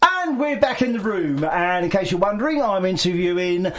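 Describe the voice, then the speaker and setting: A man's voice: high voice, sing-song, moderate pace. A man hosting a radio show in a studio, chatting casually and teasing his guest. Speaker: radio DJ host. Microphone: studio microphone.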